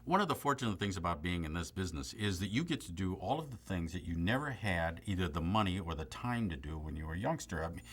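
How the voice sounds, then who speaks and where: Deep husky older man, dry humor. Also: fast talker, few pauses. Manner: dry, joking, deadpan asides. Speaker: comedic actor recalling a film. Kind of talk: reminiscing interview.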